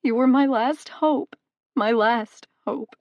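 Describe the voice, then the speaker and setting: A woman voicing a desperate young mother in an audiobook, tearful and pleading, her voice rough and nervous. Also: mid-range voice, fairly even intonation, normal speed, dry recording, lo-fi sound. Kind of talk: audiobook character voice.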